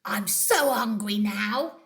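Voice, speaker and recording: A woman's voice: mid-range voice, takes it slowly, vocal fry, a bit bright. A woman voicing a greedy, scheming male crocodile from a storybook, gloating and muttering to himself. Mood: hungry.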